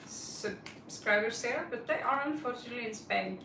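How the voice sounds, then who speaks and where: A woman's voice: on the high side, animated, normal speed, recorded from a distance, background noise. A woman hosting a live tarot stream, chatting casually and greeting viewers by name as she rambles. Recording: roomy, set back from the mic.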